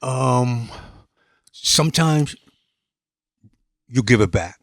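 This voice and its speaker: A man from New England, a podcast guest telling street stories in a lively, streetwise way and acting out other people's lines. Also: mid-range voice, drawn-out words, vocal fry, no echo, studio quality. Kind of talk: storytelling in casual conversation.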